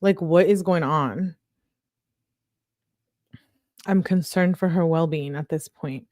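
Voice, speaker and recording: A woman reads text messages aloud in a mellow, relaxed voice. She stops often for casual, disbelieving asides to her viewers. The sound is dry and close, with no room echo. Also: low-pitched, normal speed. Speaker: true crime commentator.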